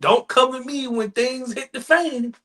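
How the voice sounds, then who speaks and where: A man with a high voice riffs on a podcast, acting out other people's replies as he makes his point. His tone is bright and forward. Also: measured pace. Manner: preachy riffing, acts out imagined replies. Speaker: podcast co-host. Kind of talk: casual podcast chat.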